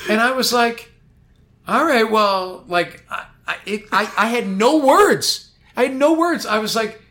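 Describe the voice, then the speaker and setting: A man telling a long anecdote in a casual chat, animated and rambling, full of "like". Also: sits high, measured pace. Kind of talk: casual storytelling.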